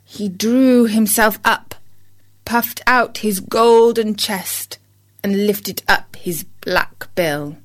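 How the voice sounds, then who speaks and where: A woman narrating a storybook fable at a slow, measured pace. Her voice sits in a middle register and stays even and clear. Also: medium pitch.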